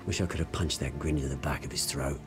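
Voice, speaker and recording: A man's voice: rumbling low, steady tone, fast. An actor playing a scheming male crime boss, menacing and theatrical, over game music. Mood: scornful. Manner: menacing, theatrical, swings between loud and hushed. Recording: game audio with music underneath.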